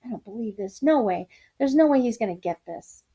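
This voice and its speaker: A woman's voice: on the high side, animated, brisk, dark tone, slightly rough. A woman voicing a popular, scornful teen girl who taunts a classmate. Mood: muttering. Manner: sneering, taunting.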